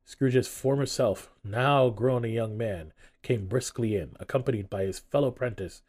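A man narrating a classic novel aloud in an expressive, storytelling manner. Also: medium pitch, normal speed. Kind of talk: audiobook narration.

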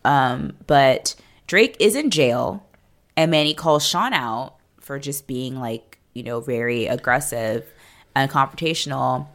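A woman's voice: rumbling low, unhurried. A woman co-hosting a podcast, talking loosely and profanely with lots of "like" fillers. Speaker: podcast co-host recapping a TV series. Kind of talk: casual chat.

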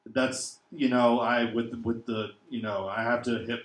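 A tipsy man rambles excitedly in a casual chat. His voice sits at a middling pitch, and the room around him rings with echo. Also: measured pace.

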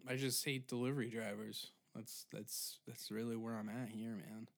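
A man's voice: on the low side, steady tone, normal speed, creaky. A man in his twenties hosting a solo comedy podcast, ranting sarcastically and swearing often. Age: 20s. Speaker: podcast host.

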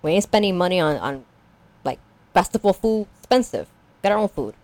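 A young woman in casual chat, recapping a show with lively storytelling, jumping into quick character voices and swearing casually. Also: fairly low pitch, no room sound. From Latina background. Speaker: podcast co-host recapping a show.

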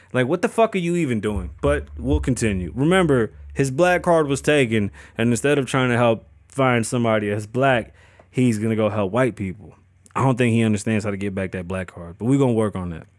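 A man's voice: medium pitch, dry recording. A man hosting a podcast, riffing on news in a casual, profane, joking way. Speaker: podcast host. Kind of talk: casual commentary.

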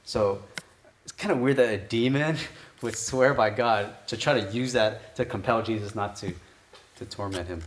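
A man's voice: on the low side, normal speed. A man preaching a conversational sermon as pastor. He thinks aloud and keeps asking his listeners rhetorical questions. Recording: echoey room.

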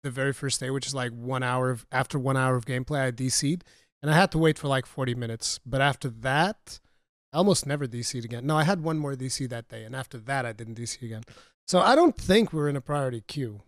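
A man's voice: medium pitch, quick pace, no room sound, studio quality. A laid-back man hosting a podcast, chatting casually and laughing often. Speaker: podcast host. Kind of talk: casual chat.

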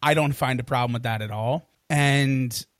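A man's voice: mid-range voice, moderate pace, dry recording, studio quality. Easygoing man co-hosting a podcast. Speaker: podcast co-host. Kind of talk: casual music review chat.

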